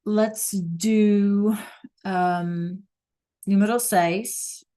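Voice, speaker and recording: A woman teaches a Spanish lesson over a video call. She talks unhurriedly and patiently, pausing to ask her students if they follow. Her voice sits at a middling pitch. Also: steady tone, mellow. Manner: patient, checks in often with "right?" and "okay?". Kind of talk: online class teaching.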